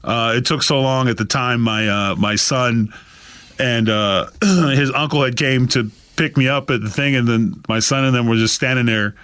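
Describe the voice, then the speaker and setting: A man's voice: moderate pace, fairly bright tone, clear, resonant tone, no echo. A man telling stories as a podcast guest, animatedly acting out the voices of the people in them. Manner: acts out quoted voices with big pitch jumps. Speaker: guest, author. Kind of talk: animated storytelling.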